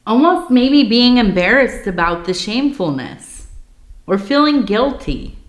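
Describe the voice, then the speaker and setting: A woman giving a tea leaf reading in a soft, reflective, meandering way, with many fillers and pauses. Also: on the high side, big pitch swings. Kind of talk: intimate spoken reading. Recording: roomy echo.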